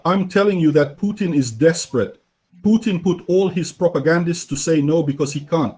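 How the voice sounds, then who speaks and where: A man giving dubbed news commentary in a conversational, emphatic way, often tagging his points with "right?" and "okay?". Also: husky. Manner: emphatic, often jumps up in pitch and loudness. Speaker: political commentator.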